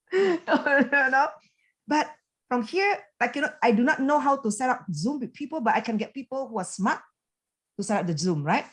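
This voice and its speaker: A woman giving a motivational coaching talk over a video call, animated and chatty, full of fillers and quick laughs. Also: high-pitched. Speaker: business coach and team leader.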